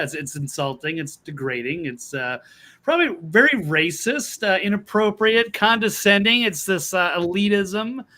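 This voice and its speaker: A man's voice: fairly high pitch, bright, forceful tone. A man on a political talk panel, disapproving, stringing together complaints with hesitant fillers. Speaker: panel guest. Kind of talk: casual political chat.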